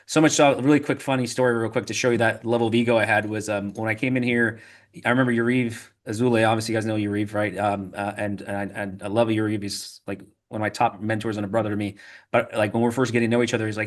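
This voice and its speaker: A man, a podcast guest, telling animated stories in a casual interview, full of restarts and repeated "right?" tags. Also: fairly low pitch. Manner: rapid, animated storytelling with frequent "right?" and filler restarts.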